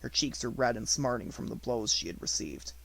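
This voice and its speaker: A man reading a classic novel aloud as an audiobook narrator, in a steady, even storytelling voice. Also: mid-range voice, fairly quick, creaky, low-quality recording.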